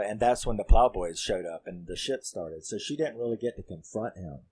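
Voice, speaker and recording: Rambling horror reviewer, male, lowish voice, swears a lot and gets worked up. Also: a little mellow, husky. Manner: rambling, profane and fired up. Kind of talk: casual spoken film recap.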